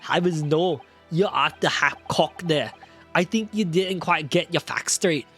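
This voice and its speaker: A man putting on a gruff Scottish old-timer. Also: a little high, unhurried, bright, forceful tone, soft background music. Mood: irritated. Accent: put-on Scottish. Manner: brusque, dismissive, broad dialect words. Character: gruff older Scottish man, defensive and evasive. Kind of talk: reading a game character aloud in a put-on voice.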